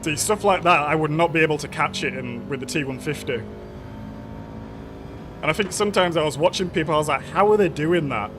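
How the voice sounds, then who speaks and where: A man's voice: on the high side, brisk, background noise. A man casually commenting on a racing game live stream, chatting with viewers and greeting them by name.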